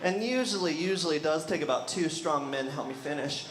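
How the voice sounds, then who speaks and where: Male stand-up, high-ish voice, self-mocking punchlines, live room with reverb and audience. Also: fast. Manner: self-deprecating punchlines, frequent "you know". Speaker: stand-up comedian. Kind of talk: stand-up set. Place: studio stage before a live audience. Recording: roomy live room with crowd.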